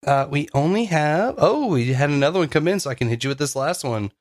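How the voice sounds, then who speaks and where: A man's voice: fairly high pitch, expressive, fast, no echo, clean studio sound. A young man co-hosting a podcast in loose casual chat, rambling with lots of fillers and laughs. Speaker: podcast co-host.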